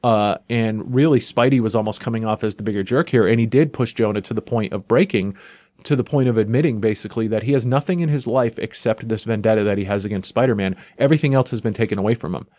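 A man hosting a comic book podcast, casually recapping a story in an animated way, often saying "you know" and "like.". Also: lowish voice, fast, dry recording, studio quality.

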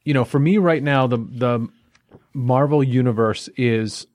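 A man's voice: medium pitch, unhurried, darkish tone, dry recording, clean studio sound. A man hosting a comic book podcast, recapping the plot in a rambling, casual way with fillers and restarts.

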